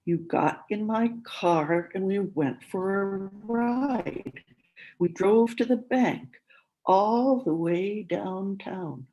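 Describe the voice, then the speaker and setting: A patient adult daughter who speaks gently, coaxing with a soft sing-song, as a woman reads her lines aloud. Her voice sits in a middling register, calm and steady. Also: mid-range voice, moderate pace, creaky, muffled recording. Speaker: story character read aloud. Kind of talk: reading fiction aloud at a conference.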